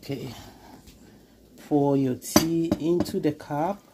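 Slow-talking woman with a cold. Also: low voice, steady tone, heavy background noise. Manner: chatty, reassuring, repeats okay. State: has a cold. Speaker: cooking channel host. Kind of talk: casual cooking tutorial. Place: home kitchen.

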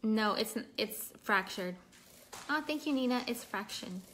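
A woman's voice: on the high side, lively intonation, a little slow, fairly bright tone, slight background noise. Chatty young woman on a livestream. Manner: chatty, reads and answers live comments, laughs often. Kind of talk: casual livestream chat.

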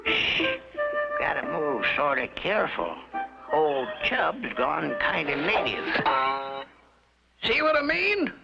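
A man voicing a folksy old backwoods swamp man who talks in a gravelly country drawl, on a lo-fi 1950s cartoon soundtrack. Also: a little high, wildly swooping pitch, slow pace, pauses often, full character voice. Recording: dull lo-fi 1950s TV soundtrack with music.

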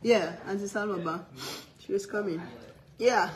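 A woman's voice: medium pitch, normal speed. A middle-aged woman hosting a home cooking stream, chatting casually, teasing and laughing often. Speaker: cooking livestream host. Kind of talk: casual chat.

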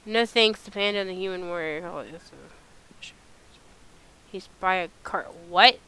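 A woman hosting a casual let's-play video, talking through her game in an animated, exasperated way as she thinks aloud. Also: on the low side, normal speed, clear, resonant tone. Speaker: gameplay video host.

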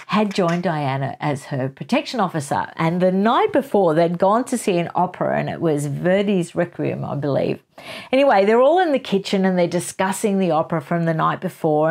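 A woman's voice: fairly low pitch, darkish tone. A woman hosting a casual book chat, retelling chapters in a chatty way with asides and little laughs. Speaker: book channel host.

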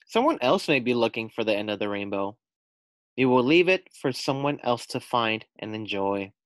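A man voicing a gentle, kindly male frog in a children's storybook, speaking earnestly. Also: mid-range voice, big pitch swings, moderate pace, no echo, natural voice.

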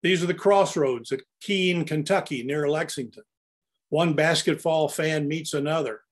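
A man's voice: on the high side, a little slow. An older man narrating his own photographs in an anecdotal, storytelling way as he presents them.

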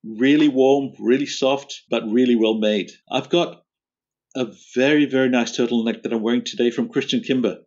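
A man chatting as a podcast guest, relaxed and quick to laugh. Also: medium pitch. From Australia. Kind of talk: casual interview chat. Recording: dull lo-fi audio.

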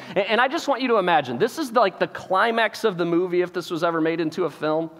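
A pastor, giving an animated sermon, acting out the characters in the story and often repeating words as he starts a phrase. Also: sits high, quick pace. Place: church auditorium. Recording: reverberant church hall.

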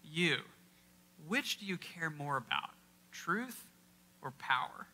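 Here the workshop speaker's voice sits on the high side, with a sing-song, slow delivery and a bright, forceful tone. He teaches the Bible interactively to people gathered in a church, testing them with questions and emphasizing key words as though chatting.

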